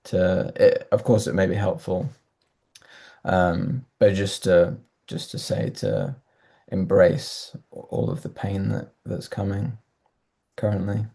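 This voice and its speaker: A man giving gentle, halting spiritual advice on a Q&A call. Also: sits low, animated, vocal fry, breathy edge. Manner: gentle, halting, with frequent restarts.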